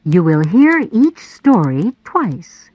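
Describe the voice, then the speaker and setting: Slow, clear woman reading textbook audio. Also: on the low side, very animated, no echo. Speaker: audio course narrator. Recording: dull, lo-fi audio.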